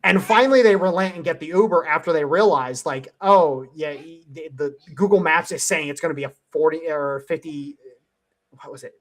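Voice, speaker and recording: A man's voice: a little high, a little fast, fairly bright tone. Rambling, swearing man on a headset. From Cleveland area, USA. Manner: rambling storytelling, swears a lot, laughs often. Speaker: host. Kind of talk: casual panel chat.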